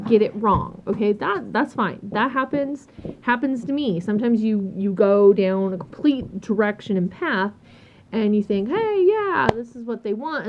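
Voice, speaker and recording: A woman telling a work story in a casual, exasperated rant, swearing freely and acting out what people said. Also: on the high side. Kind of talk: casual ranting monologue. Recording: dull lo-fi sound.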